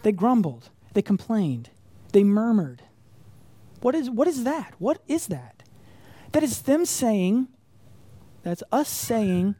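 A woman's voice: medium pitch, very animated, slow pace, pauses often, warm tone. A woman preaching a sermon to a congregation, conversational and emphatic, using rhetorical questions and repetition. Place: church congregation room.

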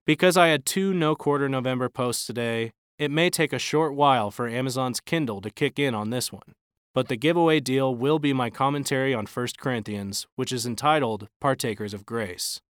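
A man's voice: medium pitch, normal speed, clear, resonant tone, dry recording, clean studio sound. A man reading his own opinion piece aloud, in a formal, pointed and wry manner. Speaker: author reading his own blog post. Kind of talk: read-aloud opinion commentary.

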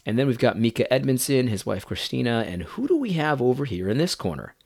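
A man's voice: mid-range voice, very animated, fast, creaky, darkish tone, no echo, studio quality. A man commenting on video clips in an incredulous, mocking tone, often restarting his sentences.

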